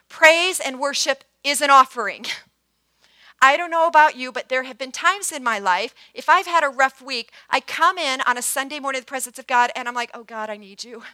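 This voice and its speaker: Woman in her 50s preaching, kinda high voice, dry close mic, goes quiet n prayerful then punchy. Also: no echo. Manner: earnest, swings from hushed prayer to bright emphatic bursts. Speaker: pastor. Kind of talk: sermon.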